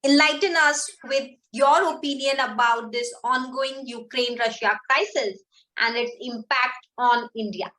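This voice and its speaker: A woman's voice: high voice, steady tone, measured pace, bright, forceful tone, rough recording. A woman moderating a panel, speaking politely and formally. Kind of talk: formal introduction.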